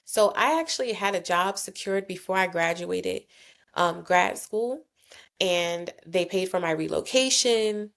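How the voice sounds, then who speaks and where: A woman from New Jersey, a company founder speaking as a podcast guest, telling her story in a relaxed, chatty way, peppered with "like" and "you know.". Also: fairly low pitch, unhurried, gravelly. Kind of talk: casual interview chat.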